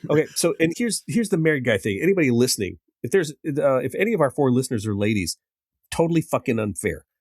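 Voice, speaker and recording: Husky, animated man ranting on a podcast. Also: mid-range voice, fast, dry recording, studio quality. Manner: animated, swearing, mock-indignant rants. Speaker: podcast co-host. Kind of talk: casual chat.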